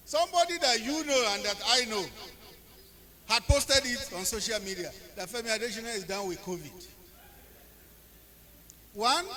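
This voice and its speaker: A middle-aged Nigerian man addresses an audience as a presidential aide, in a very high, bright and forceful voice. He tells his points as stories, dropping to quiet asides and then rising into loud, emphatic bursts. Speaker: presidential aide speaking at an event. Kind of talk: public speech with anecdotes.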